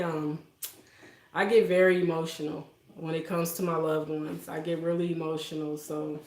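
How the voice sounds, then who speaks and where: A woman hosting a casual livestream from her home kitchen, talking emotionally and softly and laughing often as she greets viewers. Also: low voice, roomy sound. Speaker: livestream host. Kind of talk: casual live-stream chat with viewers.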